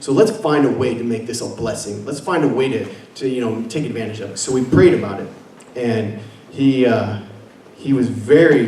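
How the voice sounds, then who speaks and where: A man's voice: medium pitch, warm tone, distant mic. A young man from Washington State giving an earnest personal faith testimony as a guest speaker, with many fillers and restarts. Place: meeting room with an audience. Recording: echoey room, picked up from afar, faint noise.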